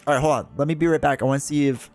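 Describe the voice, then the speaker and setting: A man's voice: on the high side, steady tone, racing, darkish tone, soft background music. A man chatting casually with viewers on a livestream, rambling through stories and laughing often. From United States. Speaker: streamer.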